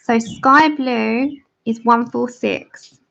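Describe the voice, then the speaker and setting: An English woman with a raised pitch and a gravelly edge chats casually to her viewers, explaining as she goes. The sound is dull and lo-fi, like a home livestream picked up on a basic mic. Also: fairly even intonation, very slow, a bit bright. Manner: chatty, explains as she works. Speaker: livestream host. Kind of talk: casual chat while colouring.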